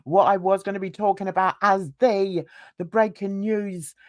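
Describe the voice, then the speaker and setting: A woman's voice: medium pitch, unhurried, dry recording, studio quality. A woman hosting a casual livestream chat, rambling and gossipy as she greets viewers in the chat by name. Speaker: livestream host.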